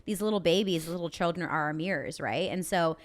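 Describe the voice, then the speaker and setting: A young woman talks through a casual podcast conversation in a slightly low voice. She is open and emotional, and her sentences are full of "like" fillers. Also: fairly quick. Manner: chatty, frequent "like" fillers, emotional. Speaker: podcast co-host. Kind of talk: casual chat.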